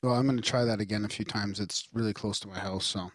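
A man's voice: lowish voice, steady tone, fast, no room sound, studio quality. A man co-hosting a podcast in casual chat, laid-back and rambling with many restarts. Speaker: podcast co-host.

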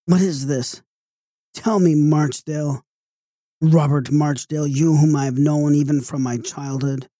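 A man's voice: mid-range voice, unhurried, dark tone, no echo, studio quality, close to an everyday voice. A man voicing a frightened, weeping older mother in a gothic audiobook, raising his voice into a pleading tone. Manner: pleading, tearful.

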